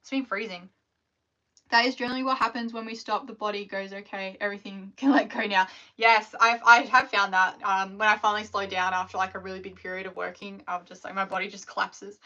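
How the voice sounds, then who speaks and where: A woman's voice: medium pitch, little pitch movement, a little fast, bright, forceful tone. A young Australian woman chatting casually on a live stream, rambling with lots of fillers. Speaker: scrunchie maker live-streaming. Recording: dull lo-fi livestream audio.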